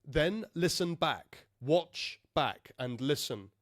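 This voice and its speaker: A man teaching English speaking skills straight to the viewer, calm and deliberate, stressing key words clearly. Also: on the high side, no echo, studio quality. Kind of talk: direct-to-camera teaching.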